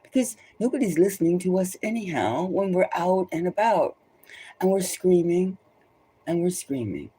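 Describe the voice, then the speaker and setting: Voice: medium pitch, animated, moderate pace, dark tone, slightly rough. A tarot reader giving rambling spoken commentary, emphatic and loose, often repeating phrases for stress. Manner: loose and conversational, many restarts.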